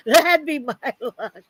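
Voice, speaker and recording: A woman's voice: sits high, slight background noise, rough recording. A woman hosting a casual chat, telling stories in a drawling way. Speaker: host.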